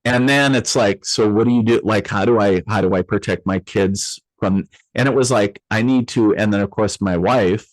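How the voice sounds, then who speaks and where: As an interview guest, a man with a lowish voice recounts a personal story loosely, full of fillers and restarts, acting out the voices of people he quotes. He talks at normal speed with hardly any pauses, and the sound is dry and close with no room echo.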